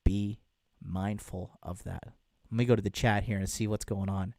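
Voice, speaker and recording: A man with a lowish, slightly mellow voice speaks at normal speed with fairly even intonation, in studio-quality audio with no room sound. He hosts a casual livestream as a dating coach, reading out chat and talking to viewers bluntly and crudely.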